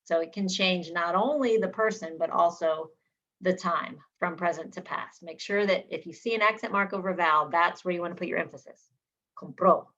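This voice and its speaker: A woman's voice: fairly low pitch, a bit bright. Woman teaching Spanish verb endings. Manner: clear, deliberate drilling of word endings. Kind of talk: language lesson. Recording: slightly dull lo-fi sound.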